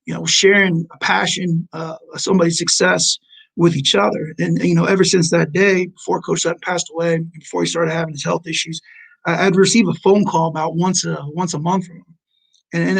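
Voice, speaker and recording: A man in his forties tells a story on a remote call, earnest and halting, often restarting his words. His voice sits a little high with a gravelly edge. He sounds like a coach speaking from experience. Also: low-quality recording. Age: 40s. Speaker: junior college basketball head coach.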